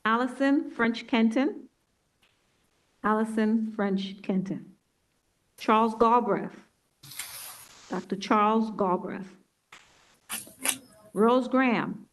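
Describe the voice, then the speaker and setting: Slow, deliberate woman calling roll. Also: on the high side, poor audio. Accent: New York. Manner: slow, deliberate name-reading. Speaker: board meeting chair. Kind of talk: roll call at a public meeting.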